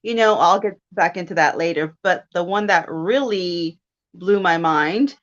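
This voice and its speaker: A woman in her thirties telling a personal story in casual chat, animated and quick to laugh as she acts out her own thoughts. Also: lowish voice, dull audio. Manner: chatty and animated, with laughs and self-quotes. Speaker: guest.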